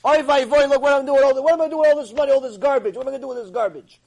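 A man playing an old rabbi who cries and wails in lament, with a husky voice. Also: on the high side, racing, voice pushed down. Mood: anguished wailing. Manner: wailing, sobbing repetition. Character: grief-stricken old rabbi wailing in lament.

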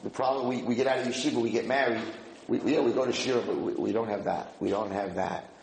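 Animated man giving an informal Torah class. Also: medium pitch, fast, vocal fry. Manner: animated, acts out shouting students; mixes Hebrew and Yiddish terms into English. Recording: echoey room, faint noise.

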